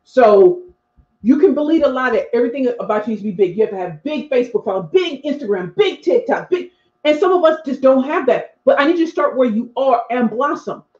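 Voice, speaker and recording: A woman's voice: sits high, a little fast. Chatty woman in her forties, echoey. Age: 40s. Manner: lively, chatty, talks straight to viewers. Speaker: speaking coach. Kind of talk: live stream chat reading viewer comments. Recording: echoey room, dull lo-fi sound.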